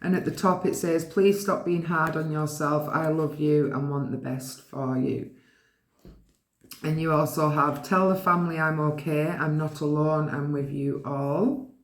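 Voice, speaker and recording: A woman giving a pick-a-card reading, gently and affectionately reading the card messages aloud to her viewers. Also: low voice, steady tone, unhurried, roomy sound. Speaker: tarot card reader.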